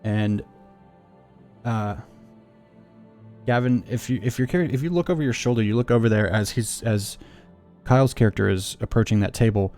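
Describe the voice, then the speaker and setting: Rambling low-voiced male game master. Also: normal speed, pauses often, a little mellow, faint music behind. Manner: loose, rambling narration with many fillers. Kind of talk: narrating a tabletop game.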